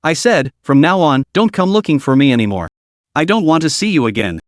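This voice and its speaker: A man's voice: a little high, sing-song, fairly quick, no echo, studio quality. A man voicing a young man who is a blunt, bitter street vendor, reading him in a storybook recap. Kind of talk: storybook narration.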